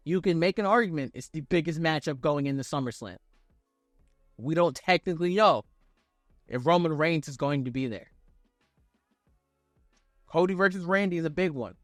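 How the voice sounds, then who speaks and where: Slangy, excitable man reviewing wrestling. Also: on the high side, moderate pace, long pauses, no room sound, clean studio sound, faint music behind. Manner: animated, profane, slangy. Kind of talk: casual video review.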